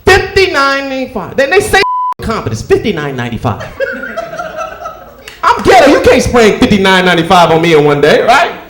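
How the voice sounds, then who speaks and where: High, lively male stand-up comic. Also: quick pace, few pauses, roomy sound, background noise. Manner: animated storytelling, acts out characters with loud outbursts. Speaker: stand-up comedian. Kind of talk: stand-up comedy set. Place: comedy club stage before a live audience.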